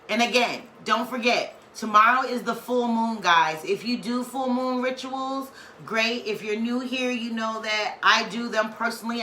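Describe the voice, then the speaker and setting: A woman's voice: medium pitch, pushed and bright. Emphatic woman giving a spiritual reading. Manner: emphatic, preachy, slangy and playful. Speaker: spiritual tarot reader. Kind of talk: casual weekly spiritual reading. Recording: echoey room, faint background noise.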